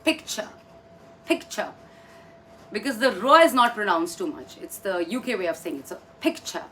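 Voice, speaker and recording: Speaking fast and animatedly, an Indian woman who trains people in English pronunciation gives an online lesson with a medium-pitched, bright, forceful voice. She patiently explains each step and repeats words so learners can practice. Her mic picks her up from slightly far off, with faint noise behind.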